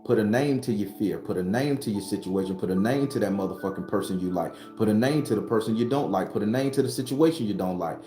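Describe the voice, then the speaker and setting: This tarot reader and spiritual vlogger talks fast with hardly any pauses, his warm voice sitting on the low side. Soft music plays behind him in a roomy space as he sits behind his home studio, preaching a profane, blunt motivational message in repeated phrases.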